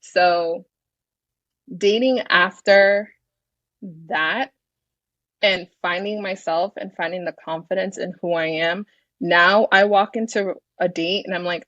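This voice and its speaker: A woman in her thirties chats as a podcast guest with a frank, self-assured manner and the odd swear word. Her voice sits on the low side. The recording is dry and a little dull, with no room sound. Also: steady tone, slow, fairly bright tone, no echo. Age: 30s. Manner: confident, frank, swears freely. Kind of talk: casual interview chat.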